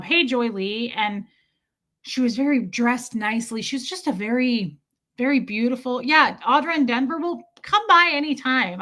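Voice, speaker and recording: A woman with a bright, pushed, fairly high voice hosts a casual livestream. She tells a rambling story, frequently stopping to greet viewers in the chat.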